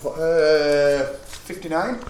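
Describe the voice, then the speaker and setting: A man's voice: fairly high pitch, drawn-out words, a little mellow, smooth. Laid-back man. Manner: laid-back, jokey, swears casually. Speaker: podcast host and shop owner. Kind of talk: casual podcast chat. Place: clothing shop.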